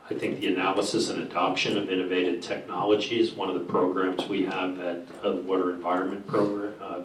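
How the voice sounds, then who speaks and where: A man on a conference panel, speaking haltingly with many "uh" pauses while listing points. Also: low voice, a little hiss or hum. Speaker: panelist, association executive. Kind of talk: panel discussion. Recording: roomy, distant mic, faint ambience.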